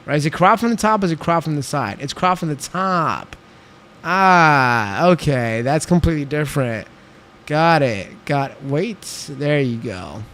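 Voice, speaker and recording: A man's voice: a little high, animated, unhurried, a bit bright. A young man streaming a game, chatting casually and talking back to his chat while he builds. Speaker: livestreamer.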